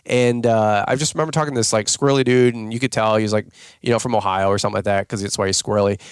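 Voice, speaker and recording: A man hosting a podcast, telling rambling, self-mocking stories full of fillers and jumping up in pitch whenever he quotes someone. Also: fairly even intonation, rapid-fire, clean tone, dry recording, studio quality. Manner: filler-heavy, self-mocking, jumps into higher-pitched voices when quoting people. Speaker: podcast host. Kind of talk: casual rambling storytelling.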